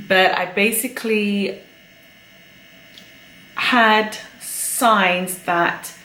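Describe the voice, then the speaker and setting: A woman's voice: medium pitch, slow pace, a bit bright, roomy sound, a little hiss or hum, poor audio. A chatty woman giving a pregnancy update on her vlog, a little out of breath and laughing often. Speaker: vlogger.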